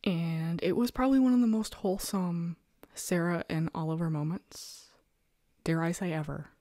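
A woman chats casually as the host of her own show, animated and self-mocking, with frequent laughter. Her voice sits a little low for a woman, and the recording is close and dry, with no room sound. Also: no room sound. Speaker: podcast host reviewing webcomics. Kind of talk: casual chat. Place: rural home.

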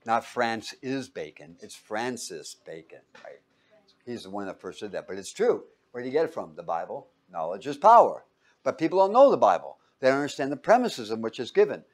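A fast-talking man with a medium pitch lectures a class, quizzing students with fill-in-the-blank questions. His style is animated, and he voices quotes in little impressions.

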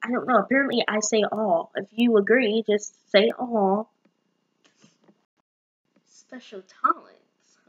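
A woman's voice: a little high, slow, long pauses, breathy edge. Chatty young woman vlogging, lo-fi sound. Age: young adult. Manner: chatty, bubbly, many fillers. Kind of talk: casual chat to camera.

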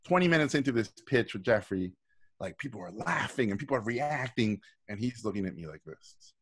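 Animated middle-aged man telling stories. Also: medium pitch, brisk, slightly rough. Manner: animated, acts out quoted voices, swears freely. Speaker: guest speaker. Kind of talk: casual storytelling on a live video talk. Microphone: video call.

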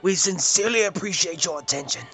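A man does let's play voice acting as a pompous cult leader, preaching in grand oratory and bursting into laughter. He pushes his voice up to a high, sharp tone and talks quickly, with faint music behind.

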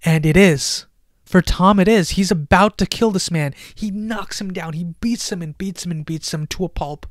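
Male reviewer, slightly high, animated, surges loud then goes hushed, dry room, headset mic. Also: moderate pace, no echo. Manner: animated, swings between loud excitement and hushed near-whispers. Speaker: film reviewer. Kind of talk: excited casual film review.

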